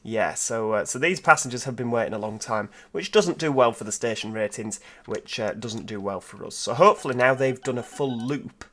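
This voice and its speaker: A man's voice: medium pitch, fairly quick, few pauses, a bit bright. A man giving casual let's-play commentary, thinking aloud and asking rhetorical tag questions. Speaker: gameplay commentator.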